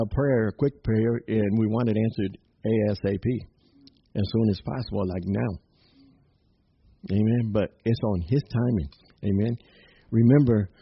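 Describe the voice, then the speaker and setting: A man preaching a sermon in a lively, conversational way, often saying amen and chuckling between points. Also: medium pitch, slightly rough. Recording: dull lo-fi recording with faint noise.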